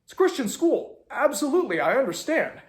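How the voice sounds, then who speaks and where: A young man casually telling a story as a video host, animated with sarcastic asides. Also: very high-pitched, a little fast, roomy sound.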